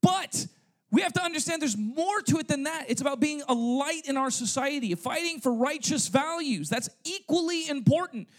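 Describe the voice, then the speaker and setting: High-voiced male pastor preaching. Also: lively intonation, moderate pace. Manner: punctuates points with "okay?" and "right?"; asks rhetorical questions to the congregation. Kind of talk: sermon. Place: church service.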